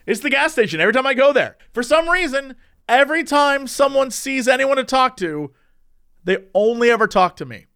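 Young man, casual podcast co-host; high, sing-song storyteller who jumps into shrill shouted impressions. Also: normal speed, clear, resonant tone, no echo, studio quality. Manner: animated, acts out people in shrill shouts.

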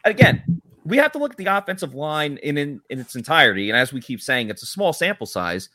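A man co-hosts a live football chat stream, picking apart the team's line play in an analytical, excitable way. His voice is bright and swings all over in pitch, and the sound is dry and close. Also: fairly quick, no echo.

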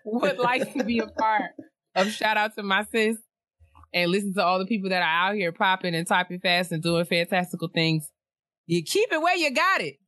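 Young woman, bright tone, dry close sound, animated casual chat, reads listener emails. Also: mid-range voice, normal speed, dry recording. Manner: animated, laughing often, playful asides. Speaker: podcast co-host.

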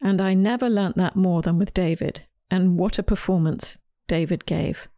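A woman's voice: fairly low pitch, normal speed, dark tone, no echo. A woman podcast host and children's author, telling a scripted story with dry humor.

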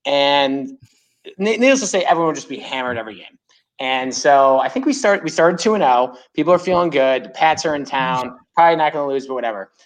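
A man's voice: medium pitch, animated, brisk. A man from New York State, a fan club chapter president, chatting as a podcast guest and telling long, rambling stories full of "like". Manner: rambling storyteller, heavy use of "like". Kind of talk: casual podcast chat.

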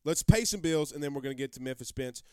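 A man's voice: mid-range voice, lively intonation, fast talker, smooth, no echo, studio quality. A man hosting a live sports talk show, brash and rambling, repeating himself as he answers viewer comments.

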